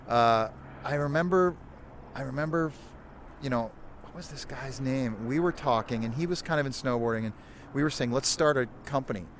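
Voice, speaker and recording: A man's voice: mid-range voice, normal speed, a little hiss or hum. A man in his fifties, a podcast guest telling loose, rambling stories and correcting himself as he goes. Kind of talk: casual storytelling chat.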